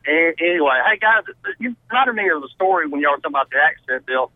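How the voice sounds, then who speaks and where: A man with a slightly high voice and a Southern American accent calls in to a radio show, talking fast and expressively. He tells a rambling, friendly story in a casual phone-in, over a tinny phone line with no echo.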